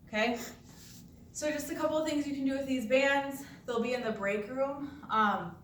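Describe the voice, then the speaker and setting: A woman's voice: medium pitch, slight background noise. A woman demonstrating resistance band exercises for coworkers in a casual, chatty way, often checking in with "okay?" and getting a little out of breath. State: slightly out of breath. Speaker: workplace fitness instructor. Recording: echoey room, voice from far off.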